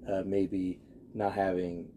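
A man's voice: low-pitched, little pitch movement, slow pace, warm tone, slight background noise. A young man in casual conversation, speaking earnestly and hesitantly, often restarting his sentences. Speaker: guest. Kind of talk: casual chat.

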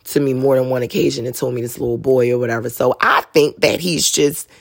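A woman with a low, gravelly voice talks through a casual storytelling monologue. Her delivery is chatty and full of slang, and a husky edge runs under it. The sound is dry and close. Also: steady tone, a little fast, dry recording. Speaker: podcast host and mother.

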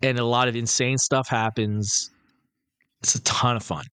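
A man's voice: medium pitch, steady tone, moderate pace, a bit bright, clean tone, no echo. Swearing rambling man on a podcast. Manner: rambling, swears often, acts out scenes. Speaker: podcast co-host. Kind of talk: casual profane movie chat.

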